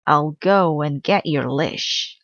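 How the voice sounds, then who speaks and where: A woman's voice: low-pitched, slow pace, no room sound. A woman voicing an earnest, caring young boy in a storybook read-aloud. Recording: slightly dull dry recording.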